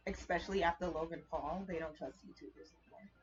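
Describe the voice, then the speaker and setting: A woman's voice: lowish voice, fairly even intonation, fast talker. A woman hosting a casual chat stream, chatty and freely swearing. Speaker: streamer host. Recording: dull lo-fi stream audio with faint music.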